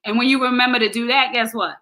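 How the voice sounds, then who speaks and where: A woman in her forties with a bright, ringing voice, pitched a little high for a woman. She hosts a relaxed chat show and tells her stories with big energy, and at times she swings into loud, dramatic outbursts. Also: fast. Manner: animated storyteller, bursts into loud emotional exclamations. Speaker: host. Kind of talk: casual chat show storytelling.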